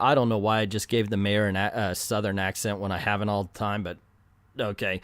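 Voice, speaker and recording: A man's voice: fairly low pitch, brisk, fairly bright tone, dry recording, studio quality. A man reading an old comic aloud, breaking off for wry, sarcastic commentary. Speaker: comic reader and reviewer.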